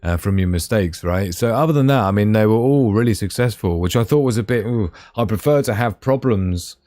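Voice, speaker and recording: Chatty man, low voice. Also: brisk, mellow, no room sound. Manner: rambling, chatty, talks to viewers. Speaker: livestream host. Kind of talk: casual live-stream chat.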